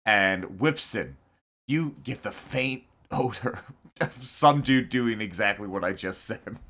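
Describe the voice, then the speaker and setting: Bright, slow-talking game master. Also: male voice, lowish voice, animated. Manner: laughs often, loose and joking. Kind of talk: narrating a tabletop game.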